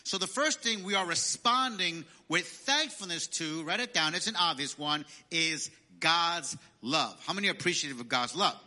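Male pastor, high voice, very bright tone, sermon, call-and-response, climbs louder on scripture. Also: animated, normal speed, few pauses. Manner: preaching with call-and-response prompts; rises louder and higher when quoting scripture.

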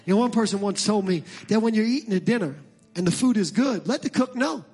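Pastor guy preaching, husky high voice, gets shouty then chatty. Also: fast. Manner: builds to impassioned shouting, then drops to conversational asides. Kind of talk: sermon.

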